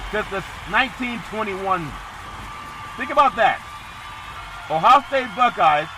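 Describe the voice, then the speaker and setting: A man hosting a sports podcast, previewing college football games with excitable, emphatic bursts. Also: high-pitched, noisy background.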